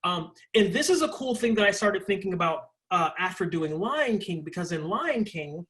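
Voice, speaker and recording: A young man speaking as a guest in a casual interview, animated and rambling, peppering his talk with fillers. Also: high-pitched, moderate pace. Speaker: interview guest, stage performer.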